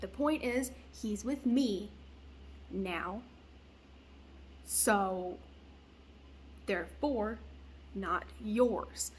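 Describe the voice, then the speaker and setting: A woman's voice: mid-range voice, extremely slow, pauses often, a little hiss or hum. A young woman venting bluntly in a casual vlog, swearing freely as she rants. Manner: blunt, profane, ranting. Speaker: vlogger.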